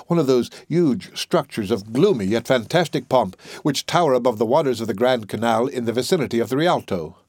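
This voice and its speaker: A man narrating a classic story in a measured audiobook reading. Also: mid-range voice, a little mellow, no room sound, studio quality.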